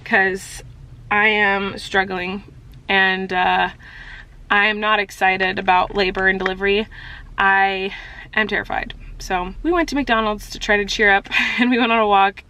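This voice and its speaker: A woman's voice: mid-range voice, pushed and bright. A young pregnant woman vlogging candidly about her fears, rambling with lots of "like". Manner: candid, rambling, says "like" a lot. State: expecting a baby. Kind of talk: confessional vlog.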